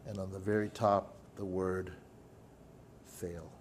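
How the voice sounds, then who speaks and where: A middle-aged man preaching a sermon, telling a personal story with dramatic pauses and sudden drops to a hush. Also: low voice, little pitch movement, a little hiss or hum. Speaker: pastor.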